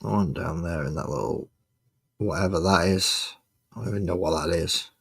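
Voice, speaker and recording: Guy, low and husky, chatting casually to his stream while painting, with dry sarcastic mutters. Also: moderate pace. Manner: mutters sarcastic asides to himself.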